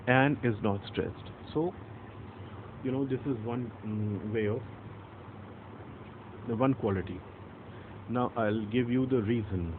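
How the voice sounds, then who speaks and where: A man gives a patient literature lesson, repeating key points and reading verse slowly to stress each syllable. His middle-range voice comes through narrow, phone-like audio. Faint traffic sounds hum underneath. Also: mid-range voice. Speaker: English literature teacher. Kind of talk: explanatory lecture.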